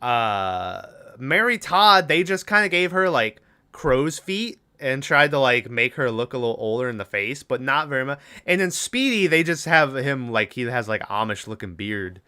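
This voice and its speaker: Man, podcast co-host, casual movie recap, rambling, swears, crisp voice. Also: medium pitch, expressive, normal speed, sharp tone. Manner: rambling, profane, lots of fillers.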